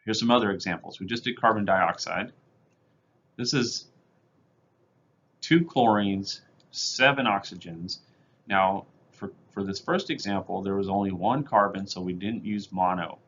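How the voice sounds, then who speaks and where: A man's voice: low-pitched, unhurried, a bit bright, slightly rough, dull audio. A male chemistry teacher giving a recorded lecture over slides, explaining step by step in a plain, methodical way with casual fillers.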